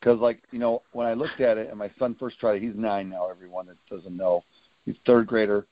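A man hosting a podcast interview, asking quick questions and responding with brief, upbeat affirmations. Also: fairly low pitch, fairly even intonation, no room sound. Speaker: podcast host. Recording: dull lo-fi, dry sound.

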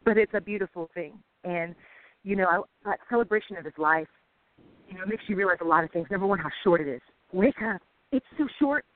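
A woman co-hosting a casual faith podcast, talking excitedly and urging listeners on. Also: lowish voice, fairly quick, dry recording. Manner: excitable, emphatic, exhorting listeners. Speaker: co-host. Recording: tinny phone-like sound.

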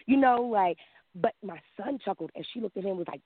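A woman in her thirties calling in, telling a long personal story in a lively way, acting out quotes and laughing often. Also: mid-range voice, quick pace, slightly rough, no echo. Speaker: caller. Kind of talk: casual storytelling. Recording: dry tinny phone line.

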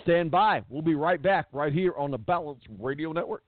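A man's voice: fairly high pitch, moderate pace, no room sound. A man hosting a sports talk radio show, opening with playful, grandiose showmanship. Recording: dry, tinny phone-like audio.

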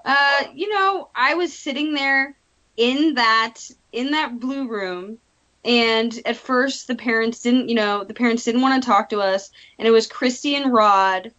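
A woman's voice: a little high, measured pace, bright, forceful tone, highs cut off. A woman guest, a documentary filmmaker, telling a story in a casual interview with hesitant restarts.

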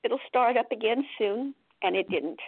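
A woman's voice: fairly high pitch, moderate pace, husky, no room sound. A woman, an author being interviewed, telling a personal story in an earnest, heartfelt way. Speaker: guest author. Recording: tinny phone-like line.

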